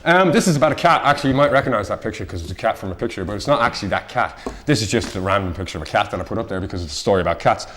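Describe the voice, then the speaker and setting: A man presenting a casual round-up of odd news stories on local TV, rambling and self-deprecating with quick asides. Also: on the low side, lively intonation, a bit bright, slight background noise. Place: local TV studio.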